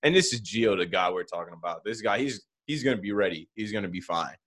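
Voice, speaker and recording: Animated man in casual sports chat. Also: fairly low pitch, quick pace.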